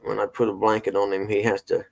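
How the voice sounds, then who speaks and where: A middle-aged man hosts a casual morning chat, talking fast in a low, gravelly, monotone voice. He rambles easygoingly through folksy stories.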